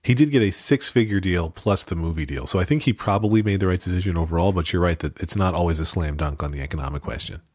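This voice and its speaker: A man's voice: low-pitched, fast talker, few pauses, a little mellow, husky, no echo. A man on a book club podcast panel, making dry quips. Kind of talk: casual book club chat.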